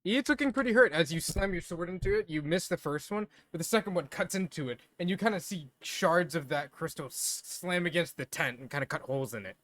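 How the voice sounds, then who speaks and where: Excitable game master with lively pitch. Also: fairly quick, hardly any pauses, no echo. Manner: excitable, loud outbursts and laughter. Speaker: dungeon master. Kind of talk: running a tabletop game. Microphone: streaming microphone.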